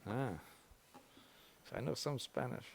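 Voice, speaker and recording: Older male bishop, informal seminary conference, gravelly voice, rambling with wry asides. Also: medium pitch, a little slow, slight background noise. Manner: conversational, repeats words, mild jokes, ironic asides.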